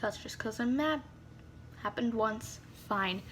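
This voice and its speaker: In a slightly high voice, a teenage vlogger takes her storytime slowly, using a phone mic with slight background noise. The chat is casual, heavy on "like," and punctuated by dramatic whispers.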